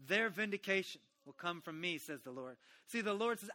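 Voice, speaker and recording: A man's voice: high voice, lively intonation, normal speed, few pauses, bright, forceful tone. A man preaching a sermon, telling a Bible story animatedly and voicing its characters.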